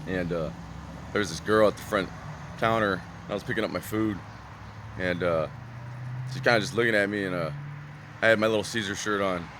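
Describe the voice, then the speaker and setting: A man's voice: on the low side, fairly even intonation, brisk, pauses often, background noise. A man vlogging in a casual, rambling way, full of fillers and "right?" tags, earnest and reflective.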